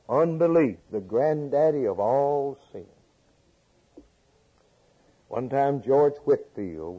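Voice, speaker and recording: A man's voice: medium pitch, dark tone, breathy edge, dull audio. A man preaching a sermon, asking rhetorical questions and repeating phrases for emphasis.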